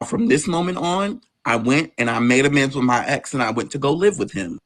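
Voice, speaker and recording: A man's voice: sing-song, a little fast, fairly bright tone. A man guest telling an emotional personal story, intense and swearing as it builds. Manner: intense, swearing, rising pitch in tense moments.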